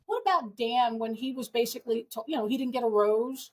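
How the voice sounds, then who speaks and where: A middle-aged woman, the hosts' mother, chatting as a guest on a podcast and telling stories in an animated, emotional way, acting out what others said. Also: on the high side, a little fast. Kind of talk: casual chat.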